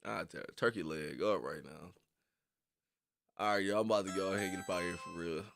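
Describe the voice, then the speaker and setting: A young man streaming casually to his viewers: loose, slangy, laughing often and jumping into high squeals. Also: brisk, creaky, a bit bright, soft background music. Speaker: streamer reacting to videos. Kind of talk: casual chat with live viewers.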